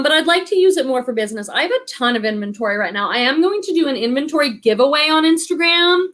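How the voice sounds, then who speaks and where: A chatty woman in her thirties hosts a live stream and reads viewers' comments aloud. Her voice sits high, and she talks in a bubbly, rambling way, full of fillers and quick laughs. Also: pushed and bright. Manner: chatty, bubbly, many likes and ums, laughs often. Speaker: live stream host, online reseller. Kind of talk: casual live stream chat reading comments.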